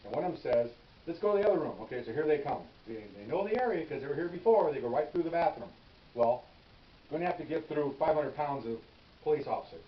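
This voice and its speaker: An older man spins police stories at a brisk clip, animated and casual, often restarting phrases and tossing in "okay?". His voice sits back from the mic in a roomy space, with a dull, slightly lo-fi sound and a faint hiss underneath. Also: mid-range voice. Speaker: veteran police officer telling stories. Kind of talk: casual storytelling. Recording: echoey room, distant mic, dull and hissy.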